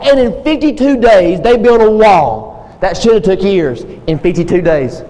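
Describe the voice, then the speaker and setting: A man's voice: sits high, lively intonation, normal speed, darkish tone. A man preaching a sermon, retelling a story with passion and repeating his key phrases. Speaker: pastor. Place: church sanctuary. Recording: long reverb in a church hall, faint noise.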